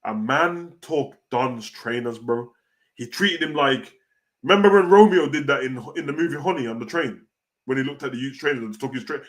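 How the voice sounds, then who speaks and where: A man with a British accent, hosting a wrestling reaction show in a casual, animated way, full of street slang and "bro". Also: medium pitch, normal speed. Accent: British (London street slang). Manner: animated, slangy, peppers every line with "bro".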